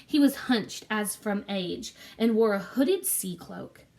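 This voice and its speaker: A woman narrating a classic adventure story in a clear, measured reading voice. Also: mid-range voice, expressive, darkish tone.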